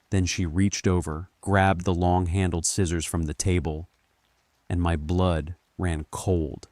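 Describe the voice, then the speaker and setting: Deep slow man telling a horror story. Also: dry recording. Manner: calm, measured first-person telling. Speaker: narrator. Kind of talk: scripted horror story narration.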